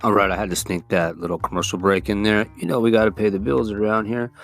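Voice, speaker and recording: A man's voice: lowish voice, steady tone, quick pace. A man hosts his own podcast and rants about politics in a loose, profane, rambling style. He gets heated and swears freely, with a guitar playing faintly in the background. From California. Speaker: podcast host. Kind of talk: casual political rant. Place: California.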